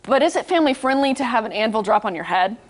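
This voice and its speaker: A woman's voice: a little high, lively intonation, quick pace. A young woman anchoring morning entertainment news, reading stories and riffing chattily with co-hosts. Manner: bright, chatty delivery, reads then riffs.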